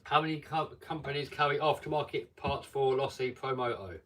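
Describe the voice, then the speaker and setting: A man's voice: mid-range voice, fairly even intonation, brisk, a bit bright, far from the mic. A man hosting a casual live stream, chatting and reading viewer comments aloud.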